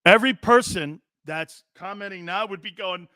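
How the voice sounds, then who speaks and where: A male sports talk host with a high, bright, forceful voice, recorded close and dry. He talks in an animated, joking way, laughs often and does quick impressions of other people. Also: dry recording.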